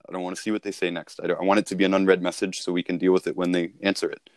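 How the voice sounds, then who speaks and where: A man's voice: low-pitched, flat delivery, rapid-fire, no echo, clean studio sound. A man talking casually as a sales coach, repeating and restarting himself as he explains.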